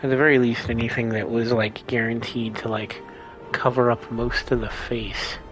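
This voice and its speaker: A man's voice: mid-range voice, flat delivery, normal speed, fairly bright tone, faint music behind. A man hosting a casual let's play, rambling and explaining his choices as he thinks aloud. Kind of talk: casual gameplay commentary.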